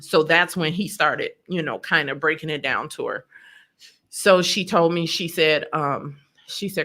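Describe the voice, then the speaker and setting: Bright-voiced woman telling a personal story. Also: low voice, a little slow. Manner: vivid storyteller who acts out quotes. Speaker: podcast guest telling her story.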